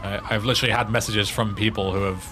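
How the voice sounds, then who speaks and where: A man's voice: on the low side, fairly even intonation, quick pace, background noise. An English man streaming a game, chatting casually in a rambling way with frequent swearing and restarts. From England. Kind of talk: casual chat while playing a game.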